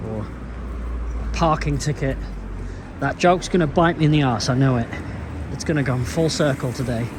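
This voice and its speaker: Chatty man over loud street noise. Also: mid-range voice. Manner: chatty, self-mocking, mutters asides. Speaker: vlogger. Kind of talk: casual travel vlog. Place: outdoors in town and in a car. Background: loud outdoor and traffic noise.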